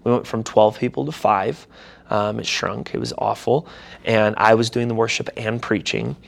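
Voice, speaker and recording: A young man, a pastor and church founder, telling his story in a casual interview, animated and slangy, acting out his own reactions. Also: lowish voice, normal speed, vocal fry.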